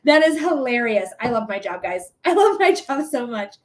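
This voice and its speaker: Young woman, high voice, live-stream psychic host, loose and profane, quick to laugh. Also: big pitch swings. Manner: chatty, swears freely, laughs often. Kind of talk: casual live-stream chat.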